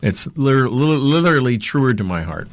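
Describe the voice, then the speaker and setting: A middle-aged man, a talent agency owner, telling his story in a rambling, animated interview way. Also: medium pitch, normal speed, no room sound. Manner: rambling, fillers, animated retelling.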